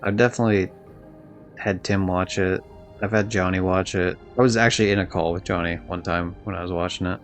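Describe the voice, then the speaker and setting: A man streaming a video game live, chatting loosely and rambling, swearing now and then. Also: deep voice. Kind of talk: casual live-stream chat while gaming.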